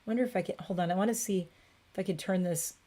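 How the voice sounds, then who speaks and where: A woman's voice: mid-range voice, fast talker, mellow. A woman in her forties chatting casually on a beauty livestream from her home bathroom, rambling and cooing at her cat.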